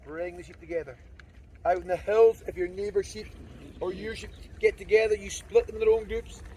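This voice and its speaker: A man's voice: high voice, a little fast, a little mellow, far from the mic, slight background noise, poor audio. A Scottish man working as a shepherd, explaining his sheepdog work in plain, simple words between short repeated commands to the dogs. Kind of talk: outdoor sheepdog demonstration. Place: open farm field outdoors.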